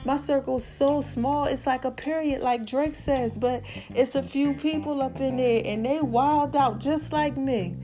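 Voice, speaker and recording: High-voiced chatty woman podcast host. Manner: chatty, laughs often, calls listeners "baby" and "y'all". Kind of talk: casual solo podcast chat.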